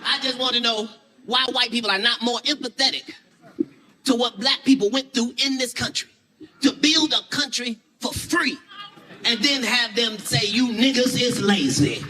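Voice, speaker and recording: A man doing a loud, animated, profane stand-up routine, breaking into shouted impressions of other people. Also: extremely high pitch, moderate pace. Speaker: stand-up comedian. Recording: live show with crowd and music.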